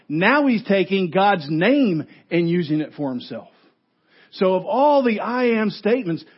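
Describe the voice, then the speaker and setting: Animated husky-voiced pastor preaching. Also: male voice, high-pitched, lo-fi sound. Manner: animated, rhetorical questions, swings from loud to hushed. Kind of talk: sermon.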